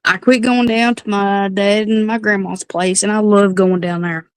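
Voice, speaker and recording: A woman with a mid-pitched voice speaks candidly as a livestream guest, opening up in a plain, confiding way. The sound is close and dry. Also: fairly even intonation, normal speed, clean tone, no echo. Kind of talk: casual chat on a livestream.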